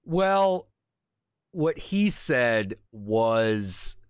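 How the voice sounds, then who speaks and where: Animated, profane man hosting a stream. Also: mid-range voice, drawn-out words, clear, resonant tone, dry recording, studio quality. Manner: profane, rambling, animated, searching for things mid-talk. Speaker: stream host. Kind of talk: casual stream chat about comics.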